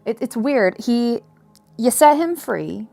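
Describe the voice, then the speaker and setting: A woman's voice: on the high side, animated, slow, creaky, warm tone, soft background music. A woman reading tarot cards on a live stream, chatty and digressive, full of fillers and restarts. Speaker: tarot reader.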